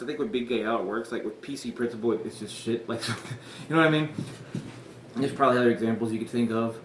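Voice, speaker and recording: A man hosting a podcast, recapping an episode in casual chat, rambling, swearing and laughing often. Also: mid-range voice. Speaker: podcast host. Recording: echoey room with faint noise.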